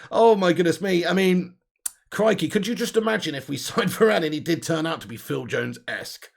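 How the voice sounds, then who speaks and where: A young man hosting a live stream, reading viewer comments with excitable, laughing energy. His voice sits a little high and has a gravelly fry. He talks in a casual, conversational way. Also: normal speed. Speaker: host of a fan channel livestream.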